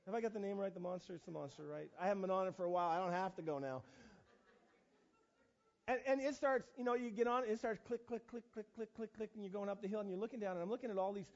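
A middle-aged man preaching a storytelling sermon, animated and self-mocking, with many restarts and fillers. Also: high voice, fast talker. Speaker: pastor. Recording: dull lo-fi recording.

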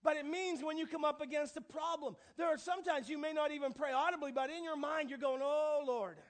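A male pastor preaching a sermon in church, alternating quiet asides with loud, emphatic declarations. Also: extremely high pitch, fairly even intonation, fast. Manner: swings between hushed asides and loud emphatic proclamations.

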